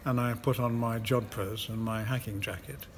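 A man's voice: medium pitch, steady tone, moderate pace. An older Scottish man, an actor being interviewed, telling stories with self-deprecating chuckles. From Scotland. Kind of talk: casual interview chat. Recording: noisy ambient background.

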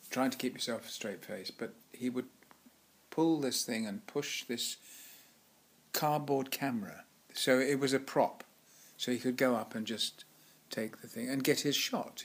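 A man's voice: mid-range voice, creaky, husky. Older man, guest actor, chatty anecdotes, laughs, restarts. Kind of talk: anecdotal interview chat.

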